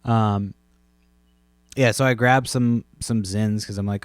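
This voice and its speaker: Man, thirties, podcast host, chest cold, low voice, dry close sound, profane rambling. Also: fairly even intonation, slow pace, no echo. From Massachusetts, USA. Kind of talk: casual rambling monologue.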